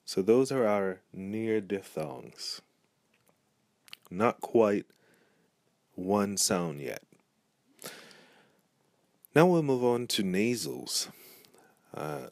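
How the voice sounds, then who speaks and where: A man's voice: on the low side, no room sound. A man giving a pronunciation lesson, speaking patiently and repeating each example word. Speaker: language teacher. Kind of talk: pronunciation tutorial.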